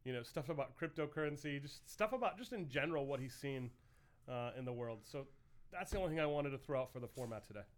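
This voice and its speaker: A man's voice: medium pitch, expressive, fast talker. A man co-hosting a podcast, talking in a loose, rambling, joking way. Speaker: podcast co-host. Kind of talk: casual chat.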